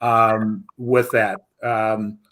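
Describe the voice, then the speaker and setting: A man hosting a show over a video call, speaking in a measured, affirming way. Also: on the low side, level tone, a bit bright, a little hiss or hum. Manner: measured, affirming, praising guest. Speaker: show host. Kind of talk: interview chat.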